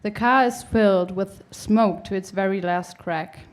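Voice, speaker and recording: A young woman reads her own short story aloud to an audience. Her delivery is measured and deliberate, in an ordinary mid-range voice. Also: mid-range voice. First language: German. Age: young adult. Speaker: author and reader. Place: live reading event.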